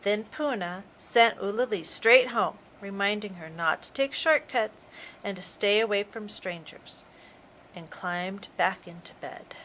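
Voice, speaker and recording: A woman, a preschool teacher, reading a storybook aloud to young children in a slow, expressive way. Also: mid-range voice, a little hiss or hum, rough recording.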